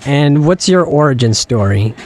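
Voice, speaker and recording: A man's voice: medium pitch, animated, normal speed, darkish tone. A man co-hosting a comedy podcast, playfully prompting his partner with questions for improvised bits. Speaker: podcast co-host. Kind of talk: comedic interview chat.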